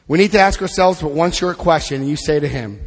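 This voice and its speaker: A man's voice: fairly high pitch, fast talker, big-room sound. A man leading a twelve-step study group, reading passages aloud and adding blunt, joking asides. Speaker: recovery workshop leader.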